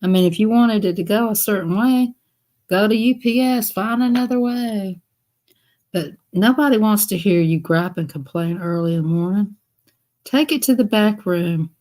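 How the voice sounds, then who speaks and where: A woman's voice: medium pitch, a little slow, darkish tone. Chatty woman laughing through her stories. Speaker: live streamer. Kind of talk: casual storytelling chat.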